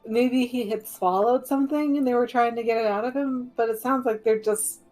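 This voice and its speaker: A woman's voice: fairly high pitch, normal speed, darkish tone, soft background music, low-quality recording. A woman player describing her character's actions in casual tabletop game chat.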